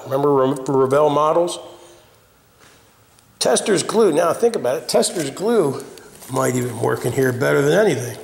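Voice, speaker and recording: An older man reviewing hobby gear in a casual video, gruff and blunt, ranting and cursing, recorded in a garage. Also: mid-range voice, slight background noise. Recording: echoey room with long reverb.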